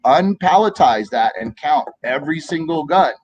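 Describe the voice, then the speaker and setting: A man in his fifties from the United States, telling animated stories in a casual political chat and acting out quoted voices. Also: fairly high pitch, moderate pace, slightly rough, muffled recording. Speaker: co-host of a political talk stream.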